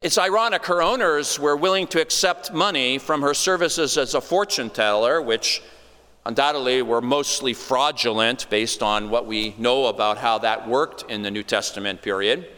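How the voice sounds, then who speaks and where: Bright, resonant male preacher in a reverberant hall. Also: mid-range voice, moderate pace, smooth. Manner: conversational, with wry asides. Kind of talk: expository sermon. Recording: long reverb of a large hall.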